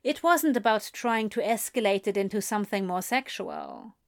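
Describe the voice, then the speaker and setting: A woman reading a romantic story aloud in a slow, measured way. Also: mid-range voice, lively intonation. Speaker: reader. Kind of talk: reading fan fiction aloud.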